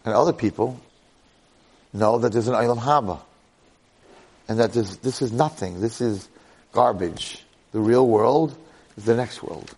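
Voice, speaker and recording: A man giving an animated storytelling Torah lecture, repeating phrases and checking in with the listeners. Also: medium pitch, a little slow, pauses often, slightly rough.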